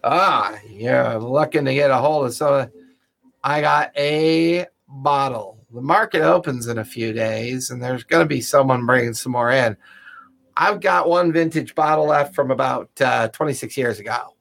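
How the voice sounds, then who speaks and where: A man acting as game master, voicing a merchant in a tabletop game with a casual, halting manner. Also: mid-range voice, creaky, a bit bright. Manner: casual, halting, laughs often.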